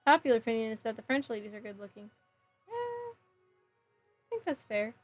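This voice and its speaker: A giggly woman from New Jersey talks briskly in a fairly high voice while working on a model kit for her livestream. The audio is lo-fi with faint music behind her, and she chats casually, scattered, answering chat messages aloud.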